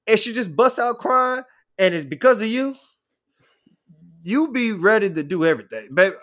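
High, animated storytelling man. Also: normal speed. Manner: animated storyteller, acts out voices. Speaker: podcast guest. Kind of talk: casual chat.

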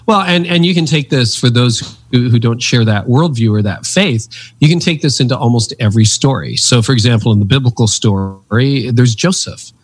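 A man's voice: mid-range voice, moderate pace, hardly any pauses, husky, no room sound. A man in his fifties, a guest author telling stories with earnest, preacherly emphasis in a conversational interview. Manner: animated storyteller with lively swings in emphasis.

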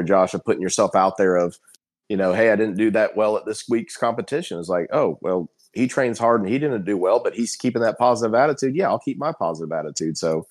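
Low-voiced man chatting on a remote call. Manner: rambling, many restarts and "you know". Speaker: guest firefighter captain. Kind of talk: casual podcast chat.

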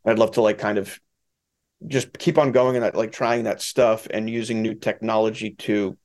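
A man's voice: on the low side, level tone, normal speed, a little mellow. A man talking as a film director in a casual interview, rambling and profane with lots of fillers.

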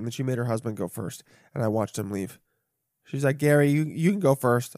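A man's voice: medium pitch, a little fast, dry recording. Rambling podcast guy, dry close mic. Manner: casual, profane, swings between loud bursts and mumbling asides. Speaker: podcast host. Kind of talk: rambling solo podcast chat.

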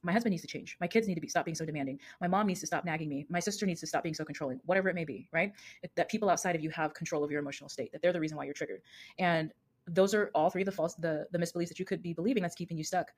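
A woman in her thirties talks fast and earnestly, circling back to rephrase her points. Her voice sits a little low for a woman. She sounds like a coach hosting her own solo podcast. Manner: earnest, fast-talking, repeats and rephrases herself. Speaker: podcast host and emotional coach.

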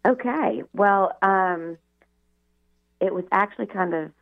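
Her voice sits at a medium pitch, and she takes her time. This middle-aged radio guest tells her life story conversationally, peppered with "you know" asides, over a tinny phone line.

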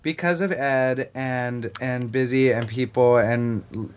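A man's voice: medium pitch, steady tone, slow pace, smooth. A young adult man, an actor guest, chatting casually on a podcast and rambling with many restarts and fillers. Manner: rambling, restarts, lots of likes.

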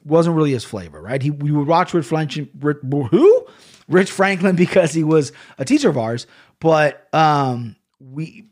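A man in his thirties hosting a solo podcast, rambling and excitable with lots of swearing and restarts. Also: mid-range voice. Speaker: podcast host. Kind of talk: casual solo podcast monologue.

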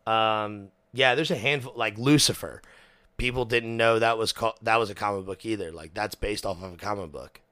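A man's voice: fairly low pitch, moderate pace, sharp tone, clean tone, no echo. A young man hosting a podcast, chatting casually and animatedly, swearing often and acting out quotes. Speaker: podcast host. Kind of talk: casual chat.

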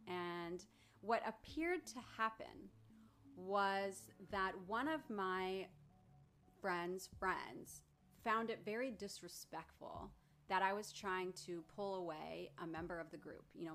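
A woman therapist recounting a personal story to her followers, candid and emotional, with pauses and restarts. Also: lowish voice, fairly bright tone. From Southern California.

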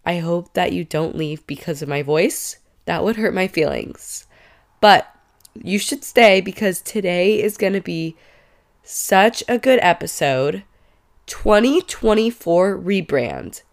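A woman's voice: on the low side, animated, takes it slowly. A young woman in her twenties hosting a casual podcast, stuffed up from a cold and talking in a chatty, emphatic way. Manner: chatty and emphatic, rising to exclaim in mock outrage. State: congested from a cold. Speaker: podcast host. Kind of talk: casual solo podcast chat.

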